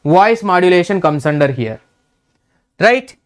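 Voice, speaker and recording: A man's voice: sits high, sing-song, measured pace, clean tone. A middle-aged man with an Indian English accent, teaching an exam revision lecture, repeating key terms and checking in with "right?".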